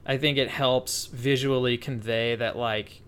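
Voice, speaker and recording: Smooth-voiced man musing casually about a film. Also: mid-range voice, fairly even intonation, measured pace, a bit bright. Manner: rambling, full of restarts and hedging fillers. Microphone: remote call connection.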